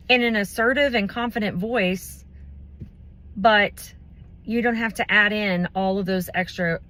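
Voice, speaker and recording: Slow, unhurried woman giving advice. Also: mid-range voice, bright, forceful tone. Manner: unhurried, thoughtful, with pauses and fillers. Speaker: business community speaker. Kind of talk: motivational talk on communication.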